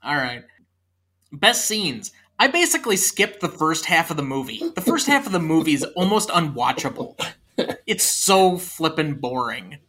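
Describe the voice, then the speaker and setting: A podcast co-host trades opinions in a casual movie review chat. The voice is bright and forward, at a middle pitch. The tone stays dry and sarcastic as it picks a film apart. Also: sing-song, normal speed. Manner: sarcastic, dismissive critique.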